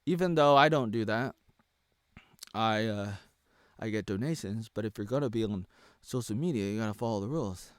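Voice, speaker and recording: A man's voice: on the low side, moderate pace, pauses often, clean tone, dry recording, studio quality, voice pushed down, natural voice. A man doing a mumbling, hesitant commentator. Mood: lecturing.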